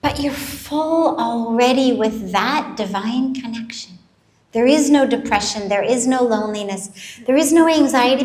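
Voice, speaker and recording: Woman spiritual teacher, unhurried talk, rather high voice, echoing hall, live audience. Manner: slow, measured, gently emphatic teaching. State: coughing from a dry throat after singing. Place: large event hall.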